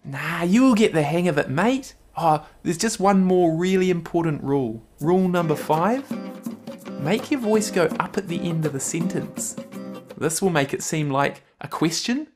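A man's voice: fairly high pitch, lively intonation, normal speed, over music. A man with a New Zealand accent in a scripted comedy sketch, explaining things in a laid-back, friendly way. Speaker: flatmate giving advice.

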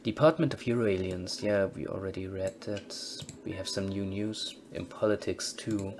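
A man's voice: low voice, fairly even intonation, normal speed, hardly any pauses, a little mellow, slight background noise. A man casually commentating on a game he plays, reading its text aloud and adding dry, wry asides. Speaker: let's-play host.

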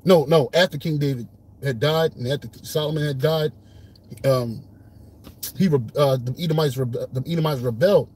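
A man with a husky, slightly raised voice leads a relaxed Bible study. He reads verses and breaks them down in loose, streetwise talk. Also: fairly high pitch, normal speed. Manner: casual streetwise speech, lively when retelling scenes. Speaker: Bible teacher. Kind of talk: informal Bible study teaching.

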